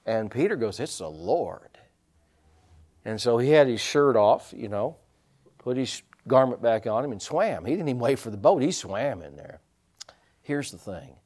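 A man preaching a sermon as pastor, telling stories in an animated way, laughing at his own slips and drawing answers from the congregation with questions. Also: mid-range voice, moderate pace. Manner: animated storytelling with laughs and repetitions; draws congregation responses with questions.

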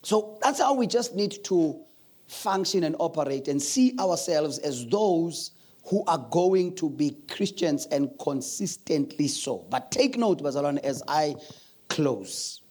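A man preaches a sermon in a church. His voice sits high for a man, and he tells his stories with plenty of laughter, often slipping into other people's voices. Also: expressive, a little slow, a little mellow, breathy edge. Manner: storytelling, laughing, acting out voices. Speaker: pastor.

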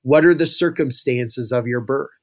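A pastor with a mid-range voice and a moderate pace is a guest on a casual podcast interview. He tells anecdotes in a conversational, storytelling way, chuckling now and then.

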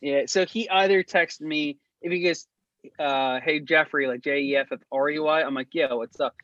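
A man's voice: a little high, fairly even intonation, moderate pace, a bit bright, no echo, highs cut off. A young man co-hosting a casual chat among friends, rambling through stories with many fillers and restarts. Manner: rambling, heavy filler words. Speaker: podcast co-host.

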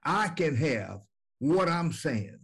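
A man's voice: fairly high pitch, sing-song, takes it slowly, fairly bright tone, breathy edge. A man preaching a sermon, with repetitive, emphatic phrasing and questions to his listeners.

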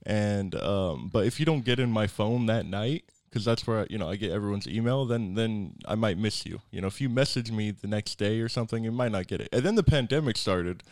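A man's voice: on the low side, fairly quick, hardly any pauses, darkish tone, dry recording, studio quality. A man hosting a podcast, telling a rambling story in casual chat with lots of fillers.

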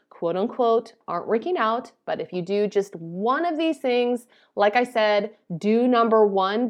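A woman hosting her own podcast alone, chatty and upbeat in an easy, casual way. She sounds tired after too little sleep but keeps the energy up. She laughs at her own stumbles. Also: mid-range voice. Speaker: podcast host. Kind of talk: casual solo podcast talk.

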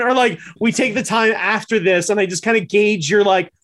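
A man's voice: high voice, a little fast, hardly any pauses, a bit bright. A man co-hosting a casual chat over a video call, talking emphatically with lots of swearing and repeated pleading. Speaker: podcast co-host.

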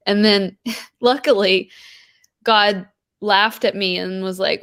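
A woman's voice: medium pitch, fairly even intonation, takes it slowly, long pauses, fairly bright tone, smooth. A woman talking about spiritual practice in an earnest, rambling way, full of "like" and "you know". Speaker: podcast guest. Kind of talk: spiritual conversation.

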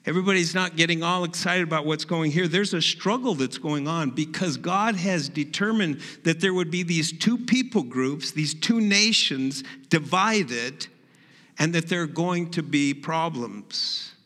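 Slow, reverberant preaching man. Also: a little high, bright, forceful tone. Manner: storytelling, building to emphatic peaks. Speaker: pastor. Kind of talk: sermon. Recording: reverberant hall.

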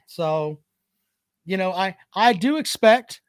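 A man's voice: high voice, lively intonation, slow pace, dry recording, studio quality. A man hosting a casual sports chat show, reading viewer comments and joking with profanity and trash talk.

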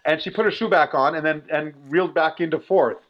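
A man in his forties telling a story in a casual, animated way, full of "like" fillers. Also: a little high, a little fast. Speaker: guest. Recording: dull lo-fi recording.

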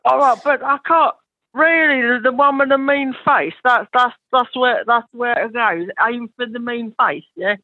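A man's voice: very high voice, normal speed, no echo. Brief: man doing a hesitant, mumbling sad sack, dry, phone-quality audio. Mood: sheepish. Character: heartbroken, insecure man out at a bar. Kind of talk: improv scene. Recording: tinny phone-like line.

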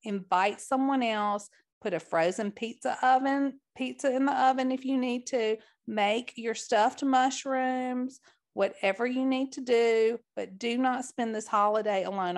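A woman podcast host with a Southern accent, reading a recipe and chatting in a friendly, talkative way. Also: a little high. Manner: friendly, chatty, addresses listeners as y'all. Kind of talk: recipe reading and interview chat.

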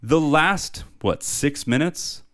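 A man's voice: a little high, slow pace. A man co-hosting a podcast in casual chat, ranting and swearing as he talks. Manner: ranting, profane, animated. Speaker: podcast co-host.

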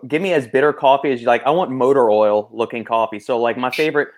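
A man hosting a casual podcast, talking at a quick clip. He rambles freely, full of you-knows and restarts. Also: medium pitch, noisy background. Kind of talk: casual chat.

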